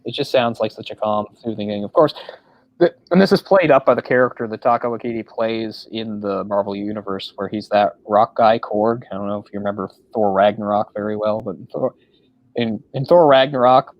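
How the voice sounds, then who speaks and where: A man's voice: on the low side, fairly quick, dry recording. Chatty man on a dull, lo-fi recording. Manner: rambling, filler-heavy. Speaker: podcast co-host. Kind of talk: casual film discussion.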